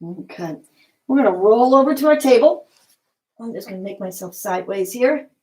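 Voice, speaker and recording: A woman leading a yoga class, giving calm, encouraging step-by-step cues. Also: mid-range voice, moderate pace, rough recording. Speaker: yoga instructor. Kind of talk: guided yoga class instruction.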